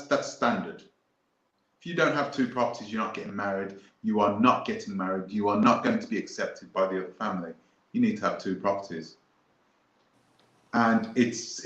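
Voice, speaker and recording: A man's voice: lowish voice, a bit bright. A man hosts a live stream, talking in a casual, rambling way and hammering his points home by repeating them. His voice sounds echoey, as if recorded in a bare room, and a little muffled. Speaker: host.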